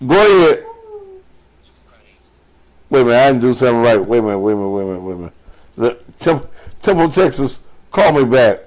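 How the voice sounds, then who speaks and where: Male call-in host, foul-mouthed joker, mid-pitched everyday voice. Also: very animated, a little fast, long pauses, darkish tone. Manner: crude, profane, joking banter. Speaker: radio call-in show host, addressed as pastor. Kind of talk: live call-in talk show.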